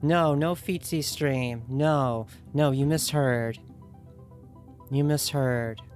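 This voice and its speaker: A woman's voice: very deep voice, slow pace, a little mellow, faint music behind. A woman streaming games and chatting casually with viewers, playful and teasing, often giggling.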